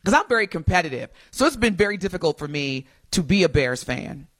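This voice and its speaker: Lively, teasing woman radio co-host. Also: lowish voice, fairly quick, no echo. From Wisconsin. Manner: animated, playful teasing, laughs often. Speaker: radio morning show co-host. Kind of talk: casual radio chat.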